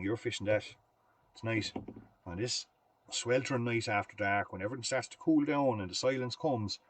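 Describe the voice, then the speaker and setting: Irish man, middle-aged, fly-tying teacher; rattles along quickly in a lowish voice, rambling yarns, close and dry. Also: slightly rough. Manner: rambling storyteller, chatty and folksy. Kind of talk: live fly-tying demonstration with anecdotes.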